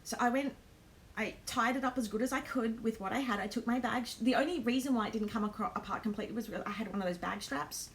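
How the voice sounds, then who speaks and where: An Australian woman hosts a live stream and tells a travel story in a chatty manner, full of ums and nervous laughter. Her voice is fairly high and she talks fast. A little hiss or hum can be heard.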